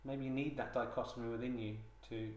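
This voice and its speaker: Talking fast in a slightly mellow, medium-pitched voice, the man keeps a steady tone. He's hosting a comedy podcast, working through a mock-solemn ramble with many hesitations and restarts. Sound comes from a handheld digital recorder in a reverberant room.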